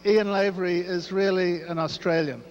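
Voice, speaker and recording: A man's voice: sits high, steady tone, moderate pace. Kiwi guy doing an after-dinner speech, dry jokes, dull echoey sound with a faint hum. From New Zealand. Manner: dry, joking storyteller.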